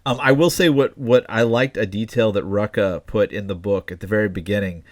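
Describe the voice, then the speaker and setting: A man's voice: lowish voice, a little fast. A man co-hosting a casual comics podcast, rambling with lots of fillers and restarts. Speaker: podcast co-host. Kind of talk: casual chat.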